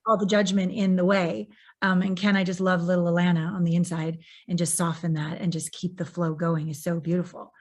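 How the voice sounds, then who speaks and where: A woman's voice: on the low side, little pitch movement, fairly quick. A woman hosting a podcast in casual conversation, talking reflectively and humming "mm" in agreement. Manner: reflective, lots of soft "mm" agreement. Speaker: podcast host.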